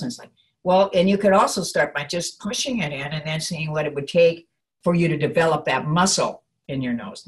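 A woman's voice: sits low, brisk. A middle-aged woman teaching character voice technique, switching between demonstration voices and explanation. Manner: animated, jumps between demo voices and explanation. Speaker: voice acting teacher.

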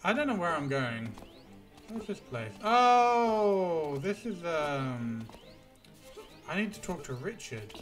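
A man's voice: a little high, sing-song, takes it slowly, fairly bright tone, faint music behind. A young man live-streaming a video game, chatting playfully, humming tunes and swearing at the game. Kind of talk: casual live-stream chat.

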